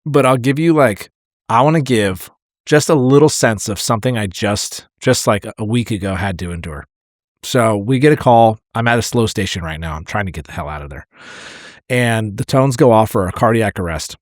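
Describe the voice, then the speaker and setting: A man's voice: on the low side, normal speed, dry recording, clean studio sound. A man, a firefighter and podcast co-host, telling a hard call story in candid casual chat and swearing freely as it gets emotional.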